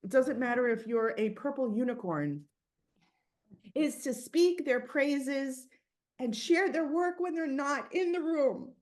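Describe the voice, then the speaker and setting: A woman's voice: high voice, animated, measured pace, darkish tone. A woman hosting an online book interview on a video call, effusive and emotional in her praise. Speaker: interviewer and book club host.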